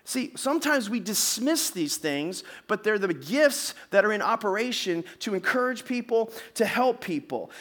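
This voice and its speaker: A man's voice: sits high, a bit bright. A male pastor giving a conversational sermon, often asking the congregation questions.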